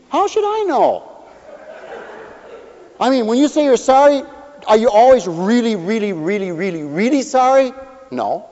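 High voiced pastor man preaching, folksy, hall echo. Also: normal speed. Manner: folksy, animated, acts out voices. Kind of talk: sermon. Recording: dull hall recording with long reverb.

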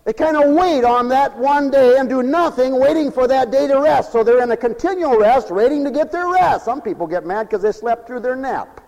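A man preaching a folksy, animated radio sermon with humorous asides. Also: very high-pitched, normal speed, few pauses, long reverb tail, rough recording.

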